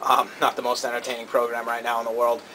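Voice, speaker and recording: A man co-hosting a casual talk show, giving quick, opinionated takes with lots of energy. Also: medium pitch, completely flat delivery, bright, forceful tone, slight background noise, poor audio. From Cambridge area. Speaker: co-host.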